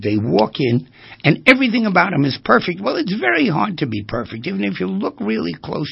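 A man speaking as a therapist in a lecture-style monologue, animated and full of rhetorical questions, with a gravelly, husky voice. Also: a little high, dry recording. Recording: dull lo-fi recording.

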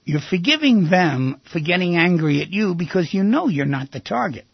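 An older man hosting a radio advice show, talking in an animated way and acting out little scenes in other voices. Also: high-pitched, moderate pace, creaky, breathy edge, no echo, dull audio.

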